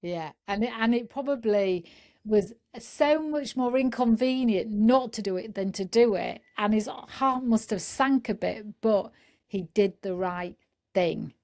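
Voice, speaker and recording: A woman interviewing a former trainee, asking measured, reflective questions. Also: mid-range voice, dark tone.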